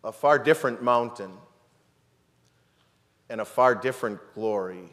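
A pastor delivers a sermon in a middle-pitched male voice, retelling a story with rhetorical questions and restarts. His words carry a long reverb through the church sanctuary. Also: unhurried, a bit bright.

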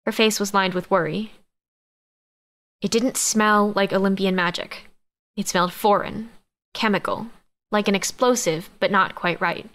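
A woman narrating a first-person audiobook in an even, measured reading. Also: medium pitch.

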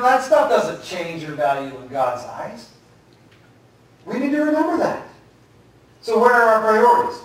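A man's voice: sits high, fairly bright tone. A male pastor preaching a conversational sermon, telling jokes and stories. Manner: conversational, joking storyteller. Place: church sanctuary. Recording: echoey hall, distant mic.

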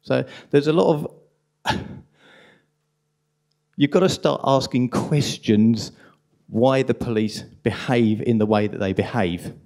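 A man with a strong London accent giving an impassioned, indignant conference talk at a rapid pace. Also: mid-range voice, creaky, a little mellow. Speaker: conference speaker.

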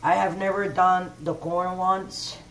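A woman's voice: on the low side, flat delivery, measured pace, crowd noise. A middle-aged woman hosting a cooking video in her home kitchen, chatty and rambling, often checking that viewers follow her. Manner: chatty, rambling, keeps asking "you know what I'm saying?". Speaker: cooking show host. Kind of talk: casual cooking demonstration.

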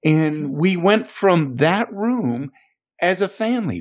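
Male podcast guest with a husky tone telling an emotional personal story over a dull, muffled line. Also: on the high side, sing-song. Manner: earnest, emotional, slows down for weight. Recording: muffled lo-fi recording.

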